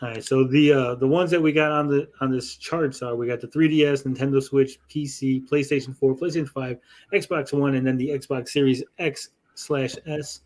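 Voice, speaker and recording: A man's voice: medium pitch, fairly even intonation, moderate pace, a little mellow. A man hosting a casual live gaming-news stream, loose and joking and swearing freely. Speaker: host.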